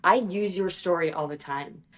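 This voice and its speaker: A woman guest on a podcast, talking earnestly and telling stories to listeners, now rushing and now slowing down. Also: fairly low pitch. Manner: earnest, storytelling, addresses listeners as "you guys". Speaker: guest, executive performance strategist. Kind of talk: podcast interview talk.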